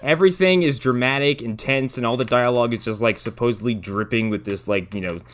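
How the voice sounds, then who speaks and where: A man's voice: mid-range voice, fairly quick, fairly bright tone. A man co-hosting a podcast, giving a sarcastic, profane and rambling movie review in casual chat. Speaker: podcast co-host.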